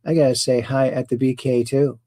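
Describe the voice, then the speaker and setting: A middle-aged man hosts a casual livestream, rambling through dad jokes and reading out viewers' chat greetings. His voice sits at an ordinary pitch. The sound is close and dry. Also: flat delivery, brisk, dark tone, no echo. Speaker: host. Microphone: close camera mic.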